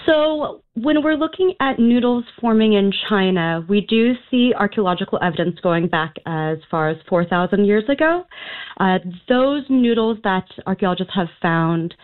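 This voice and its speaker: A woman's voice: mid-range voice, lively intonation, normal speed. A woman speaking as a guest on a radio interview over the phone, explaining in a knowledgeable way with frequent fillers. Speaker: food writer guest. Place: Auckland, New Zealand. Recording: tinny phone line.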